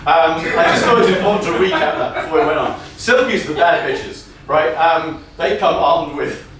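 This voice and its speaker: A man telling an improvised comic story on stage, energetic and often laughing as he riffs on audience prompts. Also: fairly high pitch, normal speed, a crowd in the background. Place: comedy venue stage. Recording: echoey room from far off, faint noise.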